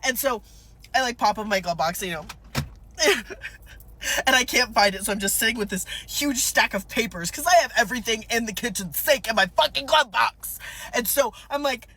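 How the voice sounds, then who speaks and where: Storytime vlogger, crisp bright voice, animated, acts out scenes, casual swearing. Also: medium pitch, moderate pace.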